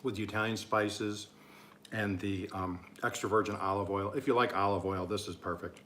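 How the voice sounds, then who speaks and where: Slightly bright and lowish, this Oklahoma man's voice holds a fairly even intonation at a moderate pace, with a little background noise. He's a cooking vlogger chatting casually through his video, rambling and amused at himself, and sometimes he talks with his mouth full.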